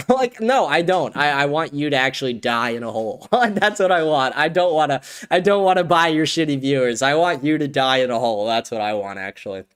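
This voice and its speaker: A man's voice: on the high side, fairly bright tone, clear, resonant tone. A man hosting a livestream, chatting casually in a loose, profane, rambling way and laughing often. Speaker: livestream host.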